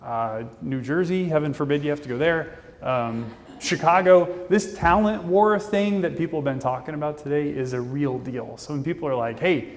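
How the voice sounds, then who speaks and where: Man, conference speaker, fast and jokey, slightly high voice, reverberant hall. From Indianapolis, Indiana, US. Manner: talks fast, casual and jokey. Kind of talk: keynote presentation.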